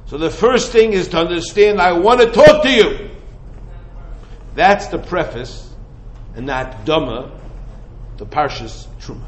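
A man teaching Torah in a lively lecture. He fires off rhetorical questions and mixes Hebrew and Yiddish terms into casual English. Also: high-pitched, measured pace, pauses often, poor audio. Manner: animated, full of rhetorical questions.

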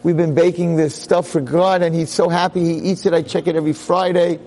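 A man's voice: on the high side, fairly even intonation, brisk, darkish tone, pitched above the performer's own voice, natural voice, low-quality recording. A man voicing a simple, pious villager who pleads earnestly.

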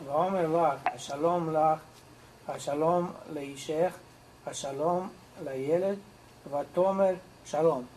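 A man in a class hesitantly asking a grammar question and pausing often. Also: on the high side, fairly even intonation, background noise. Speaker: student.

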